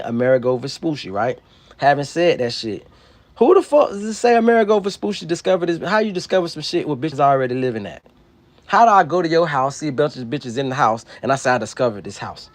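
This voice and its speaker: A man, ranting loudly and preachily into a handheld phone on a livestream outdoors. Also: on the high side, no echo. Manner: loud, profane, preachy and emphatic. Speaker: livestream host. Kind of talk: profane ranting monologue. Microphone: phone held in hand.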